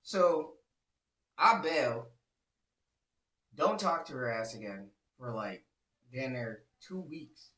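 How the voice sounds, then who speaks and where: Man, thirties, casual storytime host, swearing and slangy, lively pitch, bright tone, echoey room with the mic set back. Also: slow, pauses often, recorded from a distance. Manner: animated, profane, slangy storytelling.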